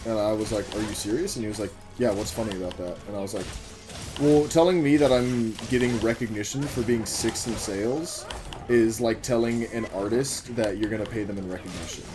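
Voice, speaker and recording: A man rambles through a story about his job between comments on the game he is playing, swearing freely as he goes. He is getting over a cough. Music plays clearly underneath his voice. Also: on the low side, a little fast. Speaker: gaming vlogger telling a work story.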